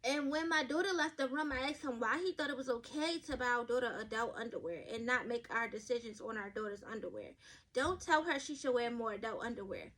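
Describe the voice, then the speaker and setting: Reading advice stories on her podcast, this woman talks fairly quickly in a slightly high, animated, fairly bright voice. Her takes are blunt, profane and chatty, aimed directly at listeners, and she occasionally trips over words.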